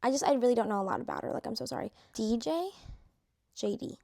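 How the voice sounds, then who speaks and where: A woman's voice: a little high, expressive, quick pace, creaky, warm tone. A young woman chatting casually to camera while ranking reality show contestants, full of fillers and slang.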